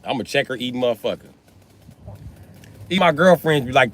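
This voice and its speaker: A man chatting casually on a livestream, telling animated, profane stories with frequent laughter. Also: mid-range voice, brisk.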